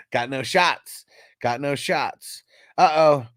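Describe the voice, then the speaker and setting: A man's voice: fairly high pitch, drawn-out words, a little hiss or hum. A man hosting a casual fantasy football livestream, joking and swearing as he reads chat comments aloud. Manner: animated, profane, laughs often while reading chat aloud. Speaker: fantasy football show host. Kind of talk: casual livestream sports talk.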